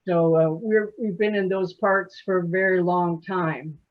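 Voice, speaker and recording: A woman's voice: lowish voice, steady tone, a little slow. A woman in her sixties from Alabama, a poet telling chatty, folksy stories in an interview and laughing often. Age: 60s. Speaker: poet guest. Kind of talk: casual interview storytelling. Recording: muffled lo-fi audio.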